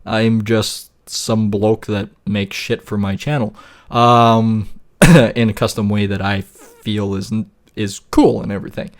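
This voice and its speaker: A man's voice: fairly low pitch, little pitch movement, measured pace. A man talking casually through a screen-recorded tutorial, rambling, laughing often and swearing now and then. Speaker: YouTuber.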